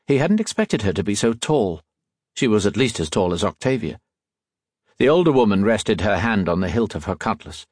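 A man narrating an adventure audiobook in expressive scripted storytelling. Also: fairly low pitch, normal speed, no echo, studio quality.

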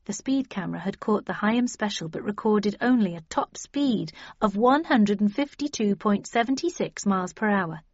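A woman narrating a story in an even, wry first-person reading. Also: medium pitch, normal speed, few pauses, no room sound. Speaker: audiobook narrator. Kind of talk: scripted narration. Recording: dull dry lo-fi audio.

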